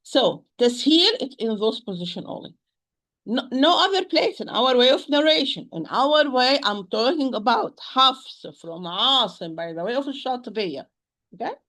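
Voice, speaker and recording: Slightly high-voiced woman teaching recitation. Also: lively intonation, a bit bright. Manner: halting, repeats words, models pronunciations aloud; stresses rules with emphatic repetition. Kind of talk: recitation lesson.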